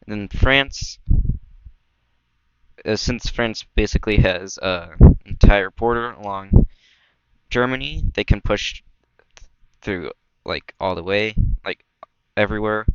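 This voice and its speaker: A man's voice: slow, long pauses, fairly bright tone, smooth, no room sound. A young man casually narrating a map war scenario, rambling with many fillers and self-corrections. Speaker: mapping video creator. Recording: dull low-quality mic, dry.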